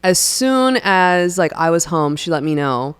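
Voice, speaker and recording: A young woman shares her faith in a relaxed podcast chat. Her voice sits a touch low, but she tells stories with lively energy and acts out what other people said. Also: a little slow, smooth. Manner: animated storyteller who acts out friends' lines. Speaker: podcast co-host.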